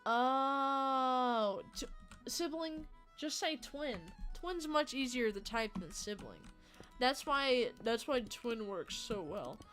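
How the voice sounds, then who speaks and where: Joking young woman streamer, fairly high voice. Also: expressive, slow, fairly bright tone. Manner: rambling, joking, swears freely. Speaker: livestreamer. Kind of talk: casual chat with stream viewers. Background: faint game music.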